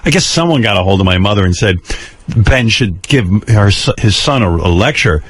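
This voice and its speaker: An older man tells stories on a talk radio show in a blunt, profane, wry way, his pitch rising and falling a lot as he goes. The studio sound is close and dry, with no room around the voice. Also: animated, a little fast, fairly bright tone, husky, no echo. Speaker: radio host. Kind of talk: candid storytelling on talk radio.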